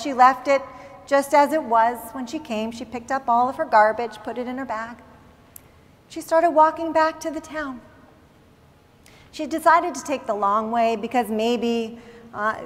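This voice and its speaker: A woman rabbi delivers a sermon as an expressive, dramatic story. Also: sits high. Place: synagogue sanctuary. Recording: long reverb in large hall.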